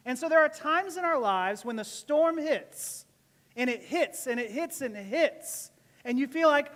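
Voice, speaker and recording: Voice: sits high, expressive, unhurried, a bit bright, in a large hall. A pastor giving a casual, joking sermon to a church, often laughing between points. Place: church service.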